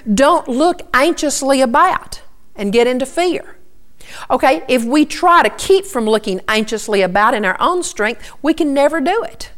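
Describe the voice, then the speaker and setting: A woman's voice: on the high side, fairly bright tone. Earnest woman teaching scripture. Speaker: Bible teacher. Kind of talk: sermon.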